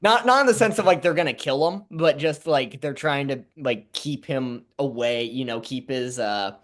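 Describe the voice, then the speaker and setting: A man's voice: medium pitch, moderate pace, a bit bright. A young man co-hosting a show, improvising a comedic story and often searching for words with fillers and laughs. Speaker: co-host.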